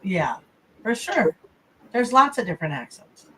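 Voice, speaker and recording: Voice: medium pitch, sing-song, a little slow, a bit bright, slight background noise, low-quality recording. A co-host chatting casually on a livestream, laid-back and teasing. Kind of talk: casual chat.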